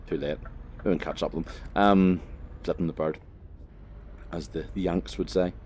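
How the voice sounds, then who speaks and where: A man's voice: deep voice, steady tone, normal speed, long pauses, darkish tone, faint music behind. A man, chatting loosely and swearing casually as he plays a driving game for his channel. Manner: rambling, laid-back, sweary, lots of fillers. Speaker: gaming vlogger. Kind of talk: casual commentary while playing a driving game.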